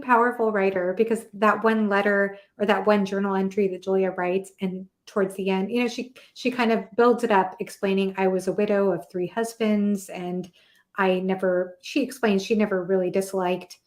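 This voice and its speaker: A woman's voice: medium pitch, normal speed, hardly any pauses. A woman on a casual book club panel, gushing enthusiastically about a novel.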